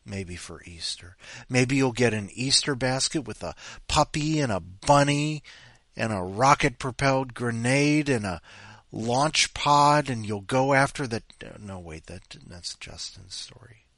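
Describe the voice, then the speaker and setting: Animated, slow-talking male podcast host. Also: mid-range voice, no room sound, clean studio sound. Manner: animated, sighing, mocking voices. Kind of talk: casual rambling monologue.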